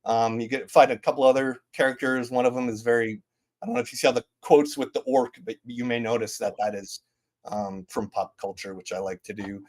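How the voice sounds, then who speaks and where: A man's voice: medium pitch, fairly even intonation, brisk. A man in his thirties casually presenting game updates at a community town hall, rambling with lots of fillers and restarts.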